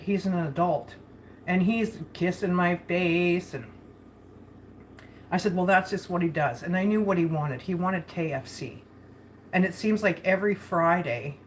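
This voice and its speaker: A woman's voice: lowish voice, slight background noise. A woman chatting casually while cooking in her home kitchen for a vlog, rambling and laughing often. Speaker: vlogger.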